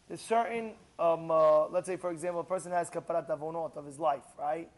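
A rabbi giving a Torah lesson, animated and repetitive, acting out little quoted exchanges as he explains. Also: fairly high pitch, a little fast. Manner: animated, acts out quotes, repeats phrases.

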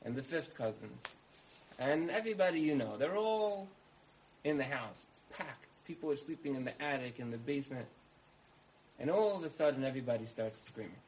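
A man's voice: medium pitch, lively intonation, normal speed, a little mellow, a little hiss or hum, rough recording. A man giving a storytelling sermon, repeating key phrases for emphasis and acting out the dialogue of his story. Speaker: speaker giving a talk.

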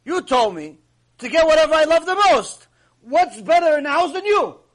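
A man doing a quick-witted loving wife. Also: very high voice, big pitch swings, fairly bright tone, pitched above the performer's own voice, exaggerated voice. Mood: indignant teasing. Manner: teasing, indignant questioning.

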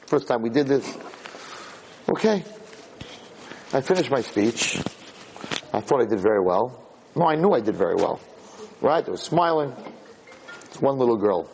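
A man giving a sermon as a rabbi, telling a story in a lively way that builds to emphatic points. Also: medium pitch, moderate pace, creaky, pauses often, a little hiss or hum, rough recording. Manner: animated storytelling, rising to emphatic peaks.

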